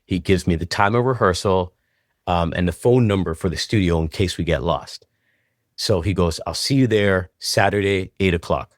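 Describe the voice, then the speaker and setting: A man from Canada with a low voice, recorded close with a dry sound. He tells an interview story with lots of energy and acts out both sides of old phone calls. His voice shoots up high whenever the excitement comes back to him. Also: normal speed, dry recording. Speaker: guest choreographer.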